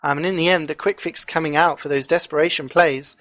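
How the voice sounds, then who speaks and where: A man doing live esports commentary as co-caster, talking in a chatty way and filling pauses with fillers and restarts. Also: a little high, steady tone, fairly bright tone, no room sound.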